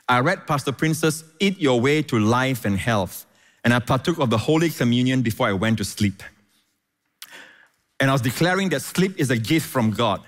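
A man's voice: mid-range voice, in a large hall. A man preaching a sermon, often restarting and repeating words, punctuated with frequent amens. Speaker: pastor.

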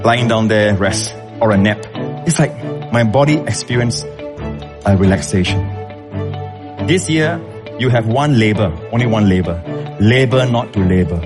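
A man preaching a sermon as pastor, emphatic, with sudden leaps in pitch when stressing a point.

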